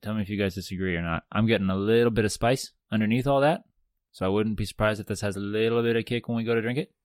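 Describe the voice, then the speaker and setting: Man host, lowish pitch, dry close sound, easygoing jokey chat. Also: rapid-fire, no echo. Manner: joking, chatty, self-deprecating. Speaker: podcast host. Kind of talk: casual whiskey-tasting chat.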